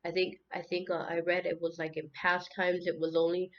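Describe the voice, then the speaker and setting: A woman's voice: on the low side, little pitch movement, a little fast, dull audio. A woman talking earnestly and emotionally in an unscripted spiritual monologue, often repeating words as she goes. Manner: earnest, repeats words and restarts, tearful at times. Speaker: spiritual tarot channel host.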